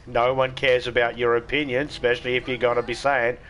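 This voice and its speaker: A man's voice: medium pitch, little pitch movement, a little fast, fairly bright tone, slight background noise. An Australian man streaming a game, chatting casually with irreverent jokes and plenty of swearing. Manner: joking, irreverent, swears freely. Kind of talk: casual gameplay chat.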